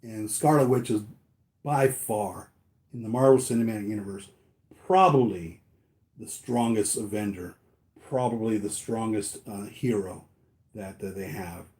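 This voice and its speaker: A man's voice: lowish voice, a little slow, a little mellow. A man talking casually to his viewers, rambling with many fillers and restarts. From United States. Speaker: toy collector vlogger.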